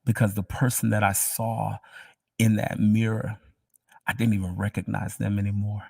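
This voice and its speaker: A man telling his personal faith testimony in an emotional, halting way, often dropping to a near whisper. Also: on the low side, flat delivery, gravelly, darkish tone, husky, dry recording, distant mic.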